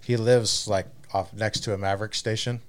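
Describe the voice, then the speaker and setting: Laid-back low-voiced podcast guy. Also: moderate pace, smooth. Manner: laid-back, profane, animated retelling. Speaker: podcast co-host. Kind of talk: casual chat, storytelling.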